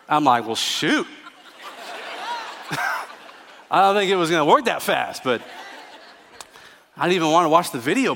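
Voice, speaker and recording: Male pastor, light-pitched, preaching in a big echoing sanctuary; humorous stories, hushed then emphatic. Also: slight background noise. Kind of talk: sermon. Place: church sanctuary. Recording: church sanctuary with long reverb.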